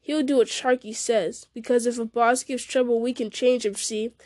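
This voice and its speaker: A bullying male ruffian threatens and sneers in a read-aloud story, voiced by a woman narrator. The voice sits a little high and mellow, recorded close and dry. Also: steady tone, normal speed, dry recording, lightly acted. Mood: menacing.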